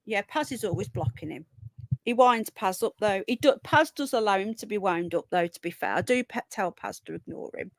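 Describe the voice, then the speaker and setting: A woman's voice: mid-range voice, lively intonation, brisk, no echo. Chatty woman with a sore throat. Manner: chatty, opinionated, rambling with restarts. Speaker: livestream host. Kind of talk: casual live chat reading viewer comments.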